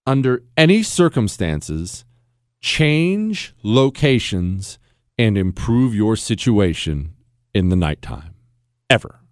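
Animated sarcastic male talk host. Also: mid-range voice, no room sound, clean studio sound. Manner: sarcastic, emphatic, rambling asides. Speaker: radio talk show host. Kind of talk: opinionated monologue.

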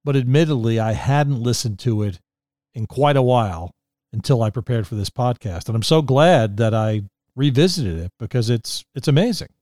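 A man's voice: mid-range voice, animated, normal speed, a little mellow, no room sound, studio quality. A man hosting a podcast, chatting casually and enthusiastically over a video call. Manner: enthusiastic, reads out quotes. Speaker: podcast host.

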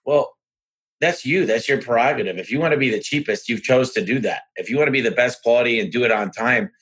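A man hosting a podcast and telling business stories in an energetic, frank, rambling way. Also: medium pitch, quick pace, husky. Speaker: podcast host and business owner. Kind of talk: casual conversational storytelling.

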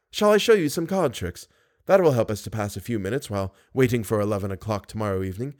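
A man's voice: medium pitch, darkish tone, close to an everyday voice. A man voicing a menacing masked male phantom in a storybook reading, wheedling and mocking by turns. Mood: brooding. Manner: wheedling, mocking, sudden bursts of glee.

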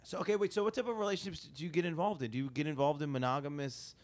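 A man's voice: on the high side, fairly even intonation, rapid-fire. A man hosting a podcast, chatting casually and restarting his sentences often. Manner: rambling, restarts sentences, laughs easily. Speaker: podcast host. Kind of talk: casual chat.

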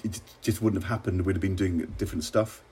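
A middle-aged man from England, a former minister, telling wry, measured stories in an interview. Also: sits low, steady tone, warm tone, breathy edge. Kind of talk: relaxed interview anecdotes.

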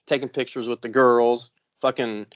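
A man's voice: mid-range voice, level tone, normal speed, no echo. A man co-hosting a casual podcast, telling a long story full of swearing and rambling restarts, and acting out the voices of the people in it. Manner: profane, rambling storyteller who acts out other people's voices. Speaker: podcast co-host. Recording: dry, slightly dull podcast audio.

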